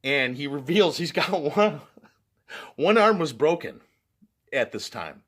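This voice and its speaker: A man's voice: on the high side, very animated, slow, fairly bright tone. A man vlogging, telling a personal story in a casual way, often laughing and using fillers like "like" and "you know".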